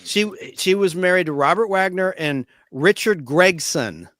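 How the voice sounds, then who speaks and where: A man's voice: high voice, expressive, measured pace, a bit bright, no room sound, studio quality. A man co-hosting a casual podcast chat, rambling with film-buff enthusiasm over a video call.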